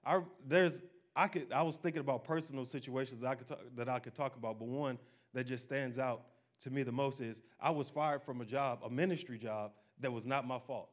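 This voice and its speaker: A medium-pitched man speaks briskly while preaching. The pastor's sermon is homespun and conversational, with exhortation in call-and-response form, cries of "amen," and quotes he acts out.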